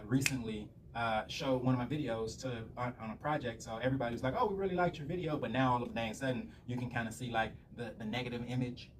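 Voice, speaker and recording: A man telling rambling, profanity-filled stories in a casual rant to the camera. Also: mid-range voice. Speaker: vlogger. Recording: slightly distant mic with faint room noise.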